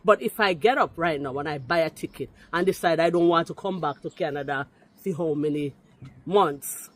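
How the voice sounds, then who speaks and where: A woman from Jamaica with a Jamaican accent who speaks English mixed with patois and gives an indignant, forceful rebuttal aimed straight at someone. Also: sits low, normal speed. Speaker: commenter responding to a video. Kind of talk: heated rebuttal talk.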